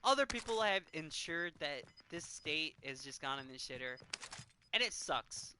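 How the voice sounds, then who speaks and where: A man's voice: fairly high pitch, sing-song, a little slow, sharp tone, a little hiss or hum. A man in his thirties, a game streamer talking earnestly and emotionally, choked up and sighing often. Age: 30s. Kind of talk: casual chat while gaming.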